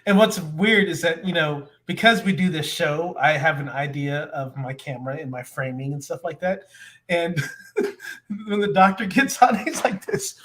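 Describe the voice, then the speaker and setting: A man's voice: on the high side, normal speed. A slightly congested man co-hosting a casual video-call chat from home, laughing often as he tells stories. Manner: laughs often, animated storytelling. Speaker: co-host.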